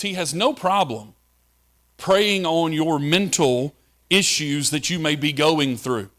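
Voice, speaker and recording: A man's voice: on the high side, takes it slowly, a bit bright. A male pastor preaching a sermon in a conversational way, asking the listeners questions.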